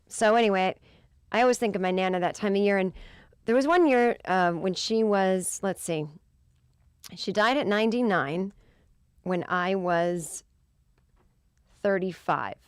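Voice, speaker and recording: A woman in her thirties, a comedian hosting her podcast, telling rambling funny stories with lots of swearing and bursts of loud exasperation. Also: medium pitch, clear, resonant tone, dry recording, clean studio sound. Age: 30s. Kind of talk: casual comedic storytelling.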